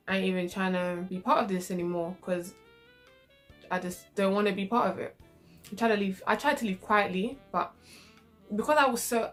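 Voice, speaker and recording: A young woman telling a casual storytime, acting out her own quoted reactions. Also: on the low side. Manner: animated, acts out quoted reactions. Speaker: vlogger.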